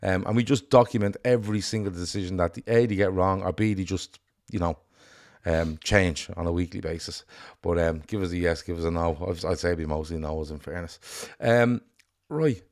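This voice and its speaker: A man with an Irish accent co-hosting a casual football chat, blunt and sweary in an animated rant. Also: deep voice, normal speed. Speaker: podcast co-host.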